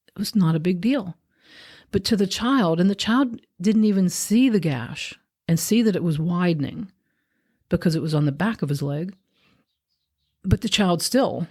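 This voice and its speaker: Podcast host, woman, lowish mellow voice, gentle reflective spiritual talk.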